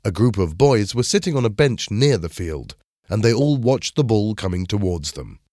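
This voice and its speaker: A man narrating a children's story in a clear, measured reading style. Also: lowish voice, very animated, mellow, dry recording, clean studio sound.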